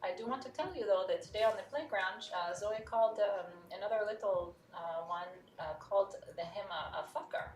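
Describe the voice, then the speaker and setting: A woman voicing a gentle, hesitant preschool teacher woman with a thick Russian accent. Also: mid-range voice, fairly quick, hardly any pauses, a little hiss or hum, natural voice. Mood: hesitant, polite. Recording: roomy, distant mic.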